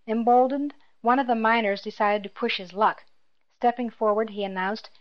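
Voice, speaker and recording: A woman narrates a novel as an audiobook reader, delivering scripted narration in a measured, even storytelling style. Her voice is medium in pitch, on a slightly dull lo-fi recording.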